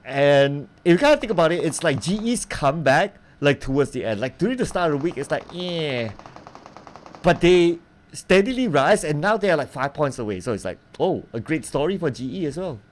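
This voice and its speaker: A man casting a mobile esports match live, in a relaxed, chatty way and laughing easily. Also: a little high, a little fast. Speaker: esports caster. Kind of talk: live game commentary. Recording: faint background noise.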